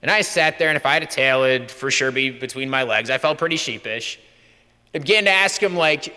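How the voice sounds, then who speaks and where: A man's voice: a little high, animated, normal speed, sharp tone. Young priest guy preaching casually, does little voices for quotes, echoey church. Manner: conversational, acts out quoted dialogue. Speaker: pastor. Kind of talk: sermon. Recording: long church reverb.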